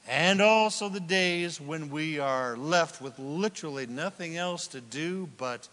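A man preaching a sermon as pastor, swinging between loud exclamations and hushed asides. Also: on the high side, expressive, moderate pace. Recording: long hall reverb.

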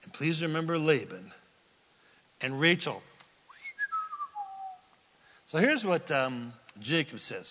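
A male pastor giving a sermon, telling a story with animated delivery and questions to the congregation. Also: fairly high pitch, normal speed, long pauses, big-room sound. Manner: animated storytelling, acts out quotes, asks the crowd questions.

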